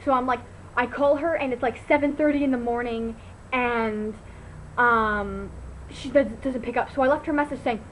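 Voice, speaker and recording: A teenage girl vlogging at home into her laptop, telling a story in an animated, chatty way full of "like" and fillers. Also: on the high side, moderate pace, slight background noise, low-quality recording. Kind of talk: casual chat to camera. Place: at home, indoors.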